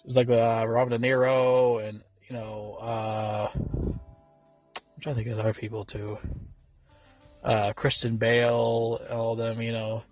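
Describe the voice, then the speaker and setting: A man's voice: mid-range voice, level tone, unhurried, pauses often, a little mellow, faint music behind. A man giving a casual film review, rambling and swearing freely, with many fillers and restarts. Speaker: movie reviewer.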